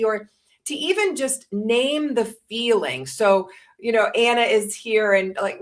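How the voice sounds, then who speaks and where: A woman's voice: mid-range voice, a bit bright. A woman in her fifties presenting a listening course, explaining tips in a casual webinar talk and acting out example lines.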